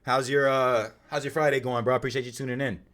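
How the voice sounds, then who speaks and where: A young man hosts his live stream in a relaxed, slangy way. He hypes up the chat, greets viewers by name and rambles loosely between topics. His voice sits at a middle pitch. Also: fast. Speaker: streamer and podcast host.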